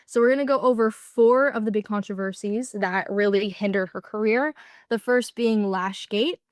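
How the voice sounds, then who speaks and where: A young woman with a mid-range voice gives a casual class presentation, explaining things with lots of fillers. The sound is clean studio audio with no echo.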